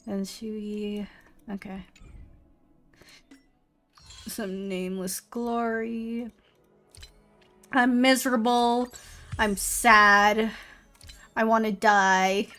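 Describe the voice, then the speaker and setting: A woman's voice: medium pitch, fairly even intonation, extremely slow, pauses often, sharp tone, faint music behind. A young woman streamer giving casual gameplay commentary, swearing and playing up mock-dramatic self-pity.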